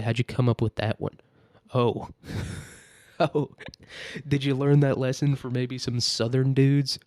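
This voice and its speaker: A man's voice: medium pitch, mellow, no echo, clean studio sound. A man hosting a solo podcast, ranting in a profane, sarcastic, rambling way. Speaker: podcast host. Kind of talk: casual solo rant.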